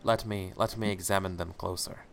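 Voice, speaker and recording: A man's voice: low-pitched, steady tone, brisk, creaky, very noisy. A man voicing an old, formal wizard in a tabletop story game, speaking in an archaic way. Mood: solemn. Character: old male wizard, last of his kind, formal and calm.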